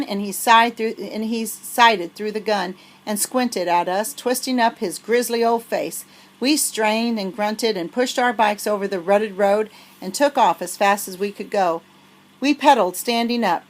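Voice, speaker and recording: A woman reading a children's novel aloud, telling the story with a lively manner. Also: mid-range voice, low-quality recording. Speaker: storybook reader.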